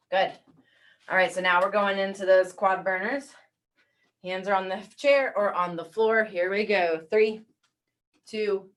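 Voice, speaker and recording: Fitness instructor, woman, mid pitch; encouraging countdowns, recorded a bit away from the mic. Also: far from the mic. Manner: encouraging counting cues, calm coaching. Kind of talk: guided workout class.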